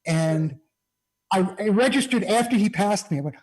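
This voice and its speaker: A man's voice: high-pitched, animated, moderate pace, a little mellow, husky, rough recording. A man, a guest musician, chatting casually over a video call and telling rambling anecdotes full of "you know".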